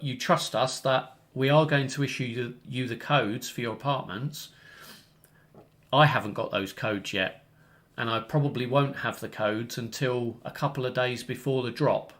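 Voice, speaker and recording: Chatty man hosting a community call. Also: medium pitch. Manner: rambling, self-correcting, explains step by step. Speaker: project founder hosting community update.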